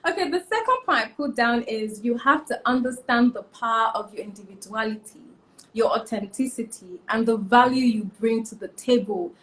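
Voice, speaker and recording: A woman's voice: on the high side, normal speed. A young woman, a fashion stylist giving emphatic advice as a guest in a casual interview. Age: young adult. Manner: emphatic, repeats key points, animated.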